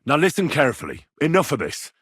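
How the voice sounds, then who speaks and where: An actor playing a wry, plainspoken young medieval commoner hero in a game, sardonic and quick to swear. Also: male voice, on the high side, huge pitch swings, a bit bright, breathy edge, no echo, clean studio sound, exaggerated voice. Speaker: game protagonist. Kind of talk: game voice lines.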